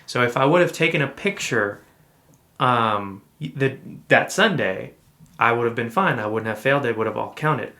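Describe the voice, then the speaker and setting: A man co-hosting a podcast, telling a personal story in a relaxed, rambling way with many fillers and restarts. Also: medium pitch, normal speed. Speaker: podcast co-host. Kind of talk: casual storytelling chat.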